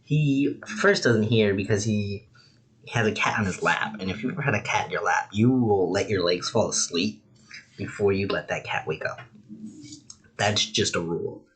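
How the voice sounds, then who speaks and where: A man's voice: on the low side, moderate pace, a bit bright. A man casually reviewing anime episodes, rambling with lots of "like" and "you know".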